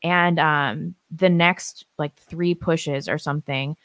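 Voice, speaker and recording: A woman co-hosting a live stream, telling her story in a casual, animated way, acting out what people said and laughing often. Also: low-pitched, slow pace, dry recording.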